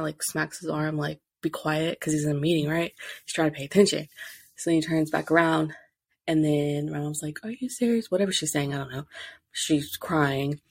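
A woman's voice: deep voice, gravelly, no echo. A young woman hosting a podcast, telling a personal story casually and animatedly, acting out what people said. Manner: animated, acts out quotes, many fillers. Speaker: podcast host.

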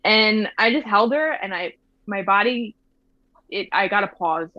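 A woman in her thirties telling her own birth story in a soft, reflective way, with lots of fillers and restarts. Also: mid-range voice, lively intonation, a little slow, no echo. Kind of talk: casual personal storytelling. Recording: slightly dull, dry sound.

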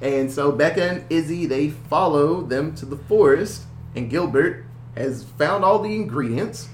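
A man's voice: fairly high pitch, unhurried, echoey room, a little hiss or hum. A man casually recapping a movie, acting out quotes, laughing and swearing as he goes. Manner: animated storytelling with voiced quotes and swearing. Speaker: podcast co-host.

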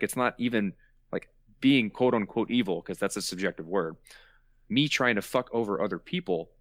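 Low-voiced man explaining with emphatic repetition. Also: a bit bright, no echo, studio quality. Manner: explanatory, repeats words for emphasis. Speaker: podcast host. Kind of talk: casual chat.

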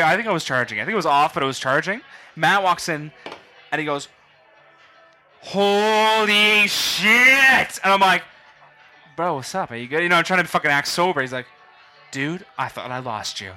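A man's voice: fairly high pitch, sharp tone. A young man from Canada telling a long story casually, swearing a lot and acting out quotes. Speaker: podcast guest.

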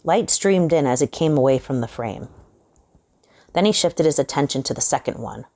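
Casting: woman with a strikingly low voice, reading a horror tale slowly and with suspense. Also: lively intonation, dark tone. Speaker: host and reader. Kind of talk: dramatic horror story reading.

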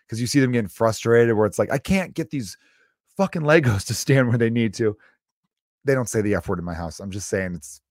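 A man's voice: medium pitch, no echo, studio quality. A man in his thirties hosting his own podcast, talking casually and motivationally, with the odd swear word. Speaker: podcast host. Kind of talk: casual solo podcast monologue.

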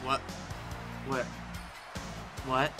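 Man doing a bewildered deadpan co-commentator. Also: mid-range voice, very slow, over music. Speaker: co-commentator character.

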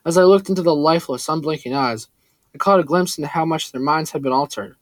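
A man reading a first-person story aloud in a steady, earnest way. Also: on the high side, fast talker, no room sound. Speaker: audiobook narrator. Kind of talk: first-person scripted narration.

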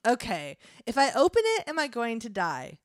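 A woman voicing a male roommate who speaks in a Valley Girl accent, whiny and exasperated, with loud, pitched-up outbursts, reading a comedy script. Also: sing-song, normal speed, no room sound, studio quality. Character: Jesus, an exasperated dude-bro male roommate.

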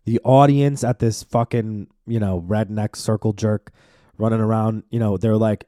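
A young man hosting a solo podcast, ranting in an animated, profane way full of fillers. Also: fairly low pitch, moderate pace, no echo, studio quality. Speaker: podcast host.

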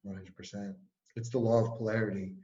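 A man's voice: lowish voice, fairly quick, dull audio. A man talking casually as an interview guest and speaking coach, telling stories with lots of filler words. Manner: energetic storytelling, frequent "like" fillers.

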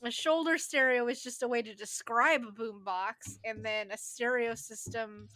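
A woman co-hosting a casual podcast and chatting in a relaxed way. Her voice sits high with a bright tone, and she makes dry, wry remarks and swears casually. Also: moderate pace, no room sound. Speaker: podcast co-host. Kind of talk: casual chat.

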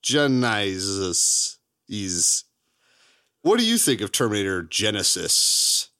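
A man co-hosting a podcast, chatting casually about movies, laughing often and jumping high in pitch for emphasis. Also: big pitch swings, slow pace, bright, forceful tone, smooth. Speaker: podcast co-host.

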